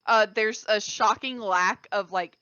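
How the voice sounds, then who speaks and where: A woman's voice: mid-range voice, measured pace, bright, forceful tone, smooth, no echo. Woman GM, rambling narration; dull, dry audio. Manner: rambling, many fillers and restarts. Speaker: game master. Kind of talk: narrating a tabletop game.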